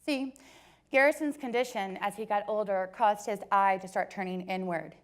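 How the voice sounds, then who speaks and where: A woman in her forties giving a personal storytelling talk to an audience, joking at times and turning soft and earnest at others. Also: mid-range voice, normal speed. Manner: warm joking storyteller, switches between laughs and soft earnest passages. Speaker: company speaker.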